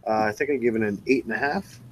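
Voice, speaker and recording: A man's voice: mid-range voice, quick pace. A man chatting enthusiastically and profanely about a beer on a video call. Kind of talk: casual group chat. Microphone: video call mic. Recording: noisy video call audio.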